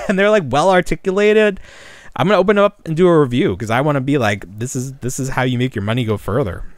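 A man's voice: mid-range voice, quick pace, no echo. A man co-hosting a podcast, chatting casually and rambling, with lots of fillers and laughs. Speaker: podcast co-host. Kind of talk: casual chat.

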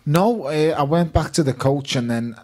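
A man with a Liverpool accent, a guest at a live fan evening, telling lively stories and quoting himself and others. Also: on the high side, moderate pace. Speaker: guest boxer.

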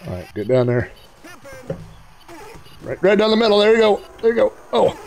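A gravelly, high-sitting voice at normal speed belongs to a man hosting a retro gaming video. He gives casual, excitable gameplay commentary and chats with the players on screen.

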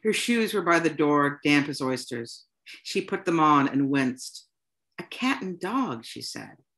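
A woman author reading her own short story aloud to an audience, in a plain, unhurried storytelling manner. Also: sits low. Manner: unhurried, plain storytelling delivery with soft "um" fillers.

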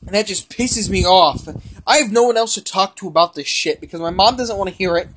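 A man's voice: sits high, brisk, a bit bright, slightly rough. Frustrated young man ranting. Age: young adult. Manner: frustrated, heavy cursing, rambling. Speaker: gaming vlogger. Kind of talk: ranting while playing a game.

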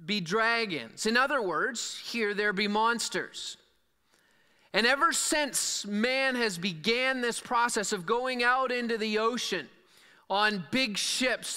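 A man's voice: sits high, bright, forceful tone, smooth. A man preaching a sermon as pastor, reading scripture and then talking conversationally with small fillers and restarts. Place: church sanctuary. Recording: long church hall reverb.

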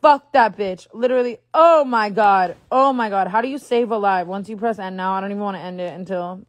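A woman's voice: mid-range voice, a little fast, no room sound. A woman talking on a phone livestream, agitated and rambling, swearing often. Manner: agitated, swears a lot, rambling with many likes. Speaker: social media livestreamer. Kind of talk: casual livestream talk.

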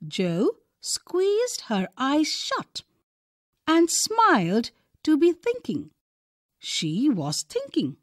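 Slow, expressive Indian woman reading. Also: sits high, no room sound, studio quality. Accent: Indian English. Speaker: teacher reading a textbook story. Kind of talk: reading a story aloud.

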